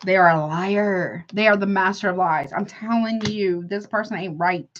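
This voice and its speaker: A woman gives a casual tarot reading to camera, blunt and exclaiming, often cutting in with a flat "no" and calling the listener honey. Her middle-pitched voice moves at a moderate pace, and the lo-fi recording sounds a little dull, with slight hiss or hum.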